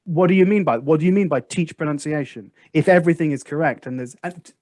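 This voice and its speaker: A man hosting a casual podcast discussion, making his points emphatically and acting out past conversations with lively storytelling. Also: a little high, quick pace, dry recording. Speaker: podcast host.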